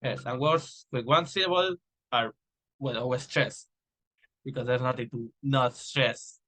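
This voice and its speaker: Bright-voiced young man presenting phonetics. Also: mid-range voice, low-quality recording. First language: Spanish. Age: young adult. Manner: explains with slow drawn-out example words, restarts and fillers. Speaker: student presenter. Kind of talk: recorded class presentation on phonetics.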